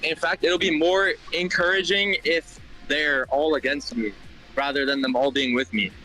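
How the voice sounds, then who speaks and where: A man with a bright, tense voice rambles through his questions, restarting often and swearing casually. Faint music plays behind him. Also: on the high side, steady tone, moderate pace, low-quality recording. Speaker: stream contestant. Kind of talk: casual stream chat.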